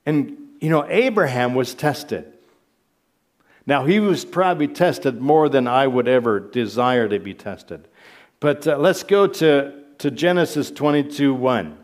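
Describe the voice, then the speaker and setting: A man's voice: mid-range voice, animated, a little slow. A middle-aged man preaching a sermon, earnest and repeating phrases for emphasis.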